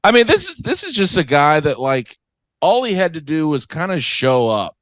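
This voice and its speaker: A man co-hosting a comedy podcast in casual chat, throwing in quick sarcastic quips. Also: a little high, sing-song, a bit bright, no echo. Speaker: podcast co-host.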